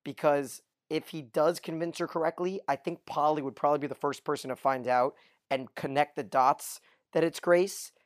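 A man's voice: fairly high pitch, fairly even intonation, normal speed, no echo, studio quality. A man co-hosting a casual podcast, going through a TV episode and asking his co-host questions. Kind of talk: casual TV recap chat.

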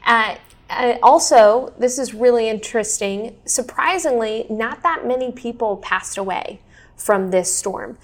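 A woman's voice: fairly high pitch, unhurried. Chatty woman hosting a weather talk. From Kansas City area. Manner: chatty and animated, explaining history. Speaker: weather show host. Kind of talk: casual chat.

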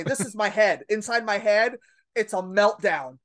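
Female comedian guest, casual storyteller, lively and self-mocking. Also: medium pitch, normal speed. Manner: animated, acts out her own panicked thoughts.

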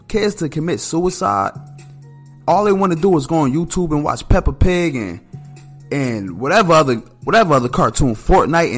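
A man rants through his solo show in a loose, profane way, tossing "man" onto nearly every line. His pitch jumps around a lot, spiking when he is outraged or amused. Faint music plays under his voice. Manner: blunt, profane, ranting with heavy filler "man". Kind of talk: casual solo commentary.

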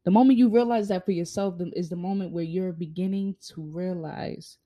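A young woman talks straight to the camera in a motivational monologue, blunt and full of swearing. Her voice sits low and mellow as she fires off emphatic rhetorical questions. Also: steady tone, brisk, few pauses. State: hiccuping. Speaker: vlogger.

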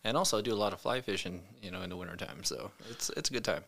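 A man's voice: lowish voice, racing, a bit bright. Brief: man, podcast guest in a studio, easygoing talker, many fillers. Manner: laid-back, lots of fillers like "you know" and "uh". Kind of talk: casual chat.

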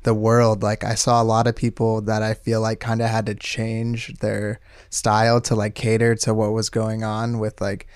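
A man hosting a casual interview, relaxed and affirming, with many fillers. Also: lowish voice, normal speed, few pauses, smooth, no echo, clean studio sound. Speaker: interviewer, host.

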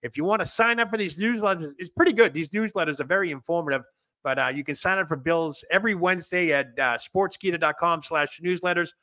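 A man with a Boston accent hosting a show, energetic and rambling as he chats and plugs events. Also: a little high, fast, dry recording. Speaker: podcast host. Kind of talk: casual show chat and plugs.

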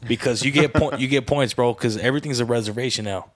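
A man's voice: medium pitch, fast. Profane storytelling man, "bro" every line. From Mexican heritage. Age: adult father. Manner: profane, peppers speech with "bro"; animated storyteller, acts out voices with laughter. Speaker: podcast co-host. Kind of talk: casual chat.

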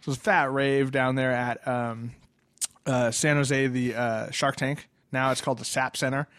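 A man's voice: mid-range voice, level tone, normal speed, fairly bright tone, no echo, clean studio sound. A man hosting a casual podcast chat, joking crudely and laughing often. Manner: laughs easily, crude banter. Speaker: podcast host.

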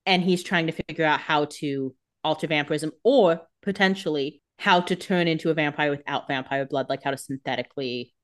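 A woman's voice: low voice, a little fast, hardly any pauses. A woman co-hosting a casual podcast, joking, swearing freely and acting out exasperated reactions. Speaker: podcast co-host. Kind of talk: casual chat.

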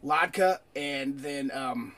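A man's voice: mid-range voice, slow pace, fairly bright tone. A man co-hosting a podcast in casual, agreeable chat, often saying "dude". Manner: chatty, agreeable, says "dude". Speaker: podcast co-host.

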